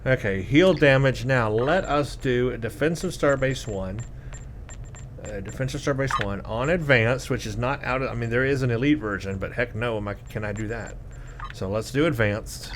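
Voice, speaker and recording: A man's voice: mid-range voice, normal speed, a little hiss or hum. A man hosting a let's play, giving gameplay commentary in a self-deprecating, exasperated way.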